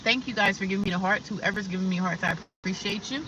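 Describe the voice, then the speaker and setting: A woman's voice: mid-range voice, fast, far from the mic, lo-fi sound, background noise. A woman chatting casually on a livestream from her car, rambling and talking straight to her viewers. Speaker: livestreaming vlogger. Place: inside a parked or slowly driving car.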